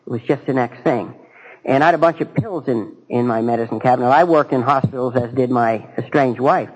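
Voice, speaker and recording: A man giving a halting, earnest personal testimony to a recovery group, with dry self-mocking humor. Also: medium pitch, lo-fi sound. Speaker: speaker sharing his recovery story.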